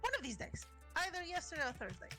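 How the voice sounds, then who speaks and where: A woman's voice: very high-pitched, very animated, fast, sharp tone, faint music behind. A young woman co-hosting a podcast, chatting and laughing through stories about call center customers. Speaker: podcast co-host. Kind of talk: casual chat.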